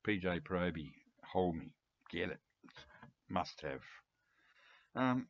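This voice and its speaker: Older Australian bloke in his seventies, low husky voice, rambling chatty vlog, dull lo-fi sound. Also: lively intonation, slow pace. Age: 70s. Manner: chatty, rambling, chuckling, frequent throat-clearing. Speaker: music collector video host. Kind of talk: casual rambling monologue to camera.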